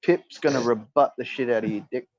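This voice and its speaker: A man's voice: mid-range voice, a little fast, gravelly, a little mellow, no echo, highs cut off. A man from Australia hosting a casual chat, wry and joking as he steers the talk. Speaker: podcast host.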